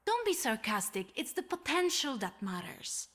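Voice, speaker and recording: An actress playing a proud, defiant occult scholar in a story game, speaking in a cool, self-assured way. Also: female voice, high voice, very animated, moderate pace, fairly bright tone, heavily acted.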